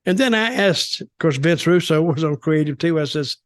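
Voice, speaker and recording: A man's voice: a little high, expressive, normal speed, dry recording, clean studio sound. An older man hosting a podcast, telling stories in a rambling, folksy way with colloquial grammar. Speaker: podcast host. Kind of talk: storytelling interview.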